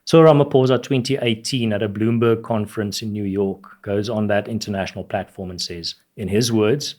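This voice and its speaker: A man's voice: lowish voice, steady tone, a little fast, darkish tone. A man, a guest in an interview, making his points emphatically and dropping his voice to quote others. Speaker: guest, advocacy spokesman. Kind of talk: argumentative interview talk.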